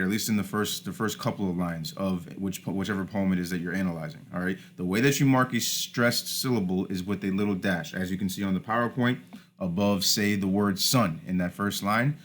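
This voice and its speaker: A man's voice: sits low, fairly even intonation, brisk, fairly bright tone. A man teaching a recorded lesson over slides, informal, often starting with "all right" and correcting himself.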